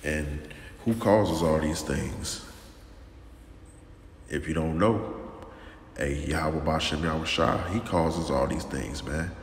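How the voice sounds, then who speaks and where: A man preaching informally and sternly, talking slowly with lots of repetition and restarts. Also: very deep voice. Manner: slow and drawn-out, repeats himself, calls listeners "man", stern. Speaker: religious teacher. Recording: echoey room with long reverb and faint noise.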